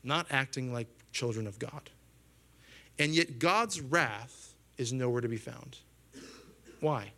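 A man in his thirties preaching a sermon as pastor, talking in an animated way, acting out quoted voices in a raised pitch and often asking his listeners questions. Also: slow pace, pauses often. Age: 30s. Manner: asks the congregation questions.

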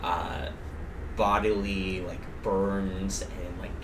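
Low-voiced man running a tabletop game. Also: flat delivery, noisy background. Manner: descriptive, halting narration with fillers. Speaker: game master.

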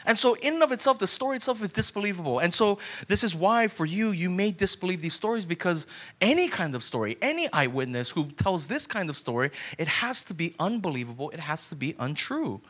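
A man's voice: high-pitched, sing-song, brisk, a bit bright. A male pastor giving a conversational sermon, now and then acting out the doubting voices of his listeners.

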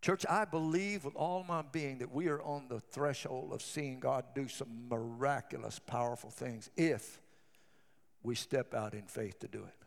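A man's voice: mid-range voice, a little slow, creaky, in a large hall. A man preaching a sermon to his church, fervent and telling stories as he goes. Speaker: pastor.

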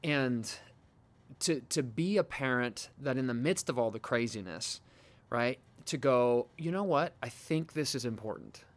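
A man's voice: medium pitch, animated, unhurried. Reflective man hosting a parenting chat. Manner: reflective, affirming, asks rhetorical questions. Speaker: podcast host. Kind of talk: casual podcast chat.

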